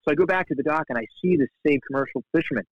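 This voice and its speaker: A middle-aged man, a guest, telling fishing stories in a casual, animated way, with many restarts and lively quoted voices. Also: a little high, very fast, no echo. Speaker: guest, shark fly fisherman. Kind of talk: casual storytelling. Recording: slightly muffled, dry sound.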